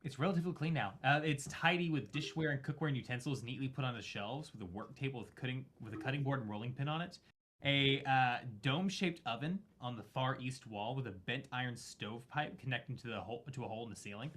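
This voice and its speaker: A man narrating a tabletop horror game as game master, halting and full of fillers and self-corrections. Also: medium pitch, a bit bright.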